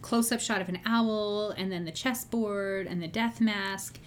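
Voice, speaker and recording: A woman's voice: medium pitch, fairly even intonation, measured pace, a little hiss or hum. A woman co-hosting a podcast, casually breaking down a TV episode in a thoughtful, self-deprecating way. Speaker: podcast co-host. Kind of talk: casual chat.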